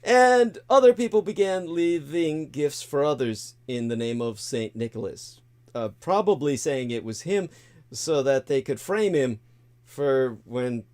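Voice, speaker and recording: A man's voice: medium pitch, animated, a little slow, darkish tone. A man hosting a livestream, talking in a casual, digressive monologue full of crude jokes and asides. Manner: irreverent, jokey, crude asides; loose and digressive, many fillers. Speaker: livestream host.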